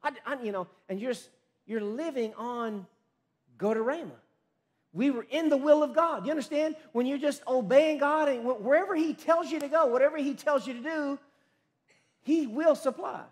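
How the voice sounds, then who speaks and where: A man preaching a sermon as pastor, swinging from loud emphatic phrases to low quiet ones, often restarting mid-phrase. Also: normal speed.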